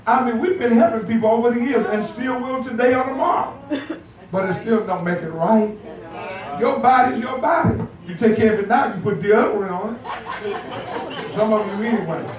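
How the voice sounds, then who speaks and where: A man's voice: extremely high pitch, normal speed, crowd noise. An older man preaching a sermon as pastor, folksy and joking, calling out to the congregation for responses. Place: church sanctuary. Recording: echoey church heard from far off.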